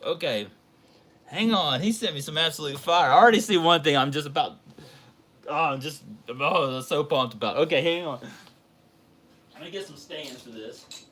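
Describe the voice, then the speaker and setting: Male livestream host, bright, gushing, excitable; casual chat. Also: a little high, normal speed. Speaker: card collecting livestream host. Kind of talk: casual livestream chat while opening a package.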